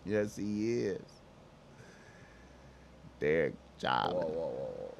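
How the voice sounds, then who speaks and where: A commentator talks on his own in a low, unhurried voice with vocal fry, pausing often. His monologue is casual and slangy, with swearing, repeated phrases, and occasional shouted impressions of other voices.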